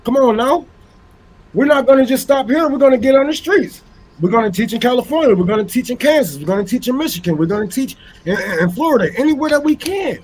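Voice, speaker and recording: Fiery high-pitched man ranting. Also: expressive, fast, a little mellow, slight background noise, poor audio. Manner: fiery, profane, repeats phrases for emphasis. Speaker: activist panelist. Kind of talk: impassioned political rant.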